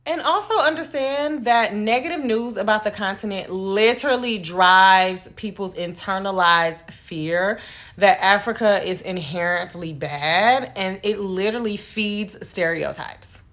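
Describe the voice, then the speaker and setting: A woman's voice: mid-range voice, a little slow, a bit bright. A woman from the United States speaking earnestly and directly in a vlog. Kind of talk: vlog commentary.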